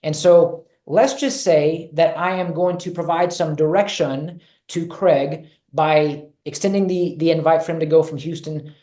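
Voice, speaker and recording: A man's voice: fairly high pitch, steady tone, measured pace, hardly any pauses, mellow. Earnest man coaching, echoey room. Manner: earnest, repeats and stresses key phrases. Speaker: guest speaker on leadership. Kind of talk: webinar presentation.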